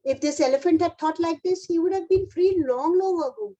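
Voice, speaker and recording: An Indian English woman delivers a motivational keynote to a room of teachers, coaxing and encouraging them the way she would her own class. Her voice sits high, yet its tone stays mellow and warm. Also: brisk, lo-fi sound. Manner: encouraging, addresses audience like a class. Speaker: keynote speaker.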